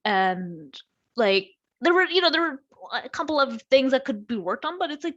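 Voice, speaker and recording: A woman's voice: mid-range voice, fairly quick, dull audio. Chatty young woman talking about books. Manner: chatty and rambling, many fillers and restarts, animated. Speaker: book vlogger and aspiring writer. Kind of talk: casual chat to camera.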